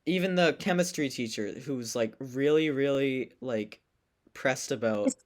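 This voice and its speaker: A man's voice: medium pitch, measured pace. A teenage boy co-hosting a casual podcast, telling a school story with lots of laughter and acted-out quotes. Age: teens. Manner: animated, laughing, acts out quoted voices. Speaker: podcast co-host.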